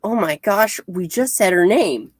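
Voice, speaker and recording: A woman's voice: mid-range voice, animated, unhurried, breathy edge, no room sound. A woman co-hosting a comic review, chatting casually and hesitantly as she retells scenes. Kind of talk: casual chat.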